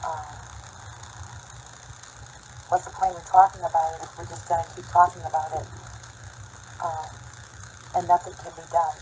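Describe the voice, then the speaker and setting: Lower woman vlogger, conversational and emphatic, addressing viewers directly. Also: level tone, moderate pace, long pauses, a little mellow, slight background noise, rough recording. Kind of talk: casual monologue to camera.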